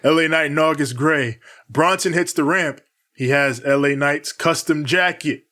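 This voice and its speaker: A man's voice: a little high, normal speed, sharp tone. Man recapping wrestling with a laugh. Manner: narrates the matches, acts out wrestlers' quotes, laughs often. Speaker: podcast host.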